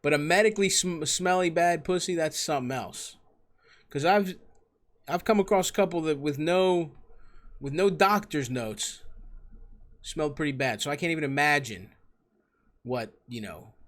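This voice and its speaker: A man's voice: fairly high pitch, normal speed, pauses often. A young man hosting a comedy advice show, giving crude, profane and mocking answers to callers.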